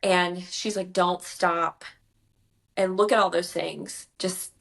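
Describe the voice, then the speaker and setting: A woman author talking casually in an interview, chatty and emotional, acting out what others told her in lively voices. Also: lowish voice, takes it slowly, vocal fry. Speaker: author guest.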